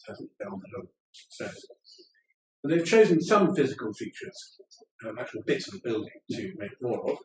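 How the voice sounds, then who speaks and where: A man delivers a public lecture, measured and digressive, dropping in wry asides as he works through his slides. He stands some way from the microphone in a roomy lecture space, with a faint hum of ambience behind him. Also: medium pitch. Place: lecture room in an old house. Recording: roomy room, speaker far from the mic, faint ambience.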